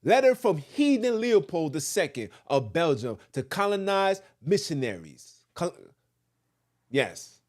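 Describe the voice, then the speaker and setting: A man hosting a podcast, ranting and joking, looping back over the same phrases. His fairly high voice jumps all over the place, as he mixes comment with reading a letter aloud. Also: unhurried. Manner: animated, ranting, repeats phrases, jokes. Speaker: podcast host.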